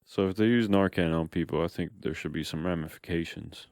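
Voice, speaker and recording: Laid-back man with very deep voice. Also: a little fast, a little mellow, no echo, studio quality. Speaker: podcast co-host. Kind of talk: casual chat.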